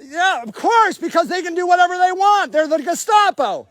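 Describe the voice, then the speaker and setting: A man livestreaming from a homeless camp sweep, shouting angrily and confronting officials. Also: very high-pitched, lively intonation, moderate pace, no room sound. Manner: shouting, furious, accusatory. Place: outdoor homeless camp in snow.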